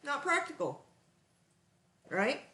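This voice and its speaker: A woman's voice: sits high, very animated, slow, sharp tone, reverberant. A woman with a Texan accent hosting a live cooking stream from her home kitchen. She talks in a chatty, earnest, folksy way. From Texas. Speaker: cooking show host.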